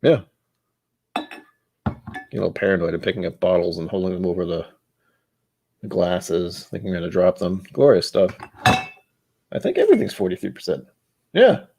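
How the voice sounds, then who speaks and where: Deep, gravelly and expressive, this American man speaks at a moderate pace with frequent pauses and a dark tone. He's seated at a desk with glasses in a room at home, rambling and self-deprecating while he sets up a casual whisky-tasting livestream and talks to himself. There's slight background noise.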